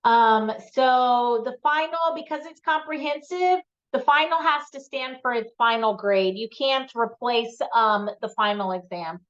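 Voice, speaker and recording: A woman's voice: a little high, a little slow, few pauses. A woman math instructor giving classroom announcements, with frequent ums, checking in with "okay?". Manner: frequent ums, repeats key points with "okay?". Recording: dull lo-fi lecture recording.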